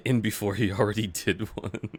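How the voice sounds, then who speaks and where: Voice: medium pitch, slightly rough. A streamer reacting live with joking, sarcastic comments.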